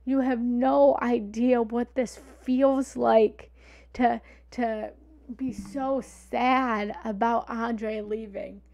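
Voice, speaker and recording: A woman voicing her middle-aged mother, who is slowly and tearfully pleading through sobs. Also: fairly high pitch, fairly even intonation, creaky, a little mellow, lo-fi sound, pitched above the performer's own voice, heavily acted. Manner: sobbing, slow, pleading.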